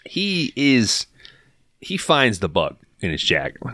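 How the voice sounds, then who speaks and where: A man on a podcast recapping a film in casual, profane, animated storytelling, acting out the characters' lines as he goes. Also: medium pitch, slow pace, no room sound, studio quality.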